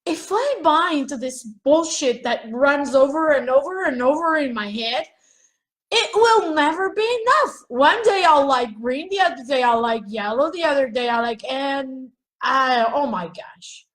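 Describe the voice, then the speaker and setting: A woman's voice: sits high, normal speed, few pauses, low-quality recording. A woman giving a raw, profane self-help monologue on a live video, questioning herself aloud.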